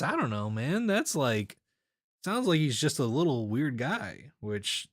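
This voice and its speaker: A man's voice: mid-range voice, very animated, a little slow, no room sound, clean studio sound. A man streaming games, chatting casually with his viewers, rambling and laughing often. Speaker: game streamer. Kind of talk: casual chat with live chat.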